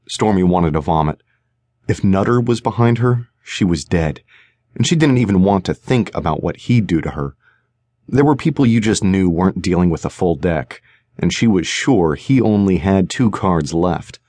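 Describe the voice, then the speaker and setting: Male narrator, deep low voice, suspense audiobook, dry studio sound. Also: normal speed, warm tone, no room sound. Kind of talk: scripted narration.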